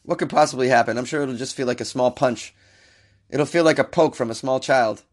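A man with a hoarse, sick voice putting on a raised, whiny voice to play a dim-witted drunk grown man. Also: mid-range voice, fairly quick, lightly acted. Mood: goofy. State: hoarse from illness.

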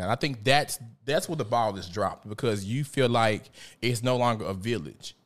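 A man hosting a casual talk show, telling lively stories, swearing and laughing often. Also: lowish voice, normal speed, hardly any pauses. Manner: animated storyteller, profane, laughs often. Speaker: podcast host. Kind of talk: casual conversation.

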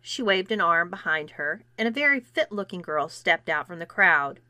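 A woman narrating a first-person story in an expressive, animated reading. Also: fairly low pitch, moderate pace, dry recording.

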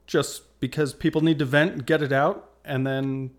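A man co-hosting a podcast in casual chat, supportive and quick to agree with short replies. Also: fairly high pitch, steady tone. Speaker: podcast co-host.

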